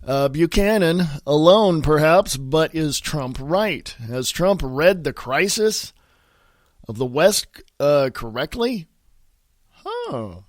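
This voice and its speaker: A man's voice: fairly high pitch, very animated, slow pace, dry recording, clean studio sound. A man hosting a casual solo podcast, congested and sniffly from a sinus infection, rambling loosely and mumbling his asides. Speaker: podcast host. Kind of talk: casual solo podcast with read-aloud articles.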